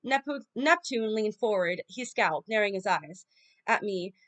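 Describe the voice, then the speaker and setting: A woman's voice: mid-range voice, expressive, normal speed, fairly bright tone. A woman casually reading a children's novel aloud, stumbling and correcting herself often. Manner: informal reading with frequent stumbles. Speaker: audiobook reader.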